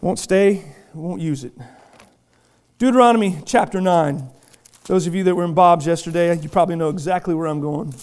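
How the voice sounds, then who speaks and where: Middle-aged male pastor, high-pitched, preaches with fire and shouts, stammers over restarts. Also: moderate pace. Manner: impassioned, repeatedly shouting; stammering restarts, self-deprecating humor. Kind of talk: sermon. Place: church, before a congregation.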